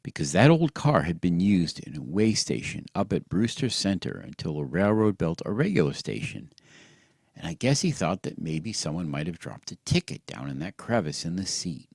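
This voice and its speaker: A man with a very deep voice reading a storybook aloud to help listeners fall asleep. His manner is soft and soothing, though the intonation moves lively across the lines, and the recording is close and dry with no room sound. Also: moderate pace, gravelly, slightly rough, no echo. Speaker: audiobook narrator.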